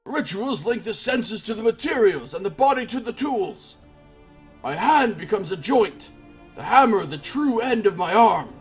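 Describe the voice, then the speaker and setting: A proud, fervent woman blacksmith from a fantasy game, as a man reads her lines aloud. Her voice sits high and swings widely, husky at the edges. She declaims with earnest emphasis over quiet game music. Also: very animated, a little slow, exaggerated voice. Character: proud female master blacksmith, zealous.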